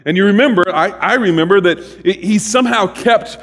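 Animated man preaching in a reverberant hall. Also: high-pitched, fairly quick. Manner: animated and humorous, with sudden loud bursts and soft asides. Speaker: pastor. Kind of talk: sermon.

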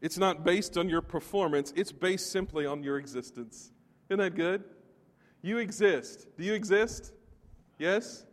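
A man's voice: high voice, unhurried, long reverb tail. A man preaching a sermon, emphatic and putting questions straight to the congregation. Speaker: pastor.

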